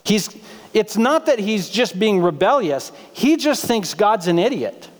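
A male pastor preaches with a high, light voice, joking and talking casually with his listeners. His voice carries the long reverb of a church sanctuary. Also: big pitch swings, measured pace. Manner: humorous, conversational, asks the congregation questions. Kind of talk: sermon.

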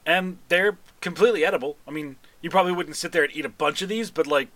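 A man's voice: fairly high pitch, fast, a bit bright, no echo. Casual, rambling male game master. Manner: casual, rambling, laughs often. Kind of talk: narrating a tabletop game.

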